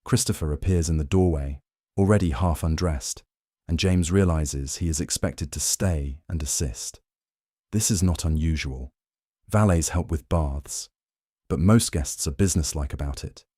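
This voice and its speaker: A man narrating a history story for sleep in a calm, slow, soothing scripted style. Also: a bass voice, no echo, studio quality.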